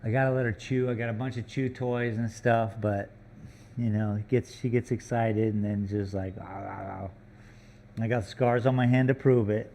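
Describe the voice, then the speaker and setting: A man's voice: mid-range voice, fairly even intonation, moderate pace, dark tone, slight background noise. A man chatting casually on a live stream from a gallery workroom, joking around and teasing his puppy between comments.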